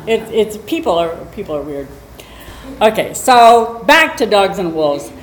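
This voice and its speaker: A woman dog trainer teaching a class in a chatty, animated way, acting out little scenes as she explains. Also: lowish voice. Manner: animated, chatty, acts out quotes. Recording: roomy echo, faint noise.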